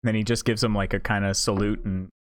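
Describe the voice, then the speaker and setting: A man's voice: fairly low pitch, flat delivery, quick pace. A man co-hosting a casual podcast, talking bluntly and swearing now and then. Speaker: podcast co-host. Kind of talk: casual chat.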